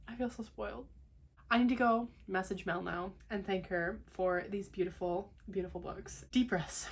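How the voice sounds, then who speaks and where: A young woman vlogging as she unboxes books, gushing and excitable, at times dropping to a hushed whisper. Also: mid-range voice, normal speed, husky. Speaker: book vlogger. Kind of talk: casual unboxing vlog.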